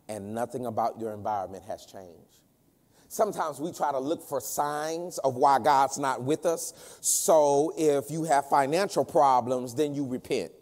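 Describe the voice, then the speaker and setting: A man preaching a sermon as guest minister, swinging between loud emphasis and hushed tones and repeating phrases. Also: medium pitch, big-room sound. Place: church sanctuary.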